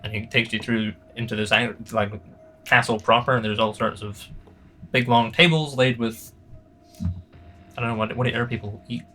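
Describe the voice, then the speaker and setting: A man's voice: mid-range voice, steady tone, moderate pace, long pauses, sharp tone, faint music behind. A man narrating as game master in a tabletop game, rambling with many fillers and restarts. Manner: rambling, hesitant, lots of fillers.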